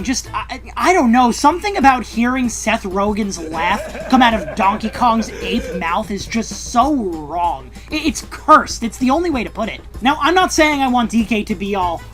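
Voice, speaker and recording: A woman with a slightly high voice reads her scripted movie review in a casual, wry way, full of sarcastic asides and the odd curse. Faint music plays under her narration. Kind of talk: scripted video essay narration. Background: faint background music.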